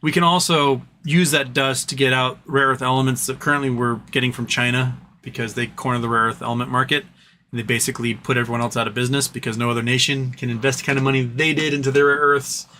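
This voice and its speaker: A man hosting a livestream, telling stories in a casual, animated way and putting on mock voices for the people he quotes. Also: mid-range voice, slight background noise. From United States. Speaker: livestream host.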